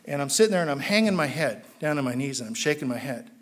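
A man, a trial lawyer, telling his recovery story to a live audience in an animated, self-mocking way. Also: fast. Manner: animated, self-mocking storytelling that climbs loud and high when excited. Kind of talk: personal story told to an audience. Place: talk before a live audience.

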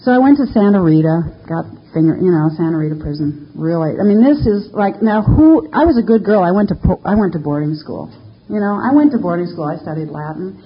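A woman's voice: on the low side, animated, fairly quick, highs cut off. Candid older woman telling her story. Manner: candid, self-mocking storytelling with laughs. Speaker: speaker sharing recovery story. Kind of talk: personal testimony to a live audience.

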